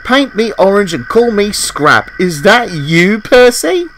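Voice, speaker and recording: A man's voice: sits high, sing-song, takes it slowly, fairly bright tone, a little hiss or hum, pitched above the performer's own voice, exaggerated voice, rough recording. A man voicing Ginty, a grumpy, weary male tank engine with a wry, grumbling manner. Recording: festive music with jingle bells behind.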